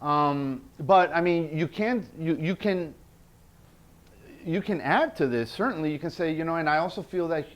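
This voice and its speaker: A man's voice: on the high side, normal speed. A man presenting a workshop indoors, earnest, repeating key phrases and checking in with the group. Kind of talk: teaching a workshop. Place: indoor event space.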